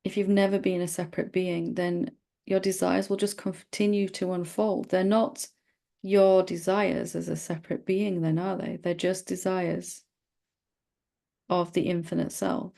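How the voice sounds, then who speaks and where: A middle-aged woman acting as a spiritual teacher leads a satsang dialogue, speaking gently and playfully and teasing now and then. Her voice is lowish and level, a little slow, with vocal fry.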